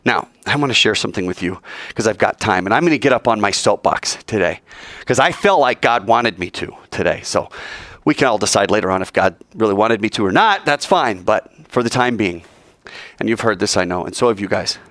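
Speaking fairly quickly in a fairly low voice, a man leads an informal Bible class in sermon style. He tells stories animatedly, voicing each character he quotes, and there's no room sound.

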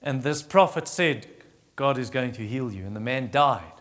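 A man's voice: expressive, in a large hall. A man preaching a sermon, retelling Bible stories and acting out the characters' pleas, with frequent restarts. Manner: acts out Bible voices in a raised pitch, quiet and slow on comfort; halting restarts while teaching.

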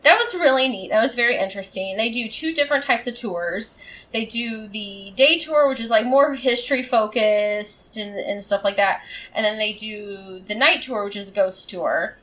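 A woman's voice: on the high side, moderate pace, fairly bright tone. Woman co-host, resonant voice, rambling self-deprecating storyteller, casual. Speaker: podcast co-host. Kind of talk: casual chat.

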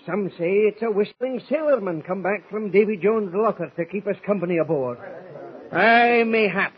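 An actor playing a loyal, stubborn Scottish sailor who pleads earnestly in broad dialect, in 1940s radio acting. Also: male voice, high voice, animated, normal speed, highs cut off. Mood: firm.

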